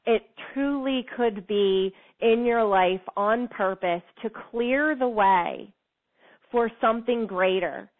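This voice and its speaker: A woman speaking as a motivational speaker, earnest and encouraging, who leans on repeated phrases to drive her point home. Her voice sits at an ordinary middle pitch. The sound is thin and tinny, like it came down a phone line. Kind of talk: motivational talk to listeners.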